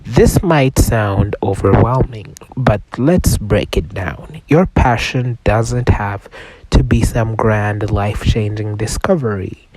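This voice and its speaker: On a low-quality recording, a man with a fairly low, slightly mellow voice hosts a self-help podcast by himself. He has a cold that roughens his voice, and he talks casually, swears a lot, and sometimes lowers to a whisper.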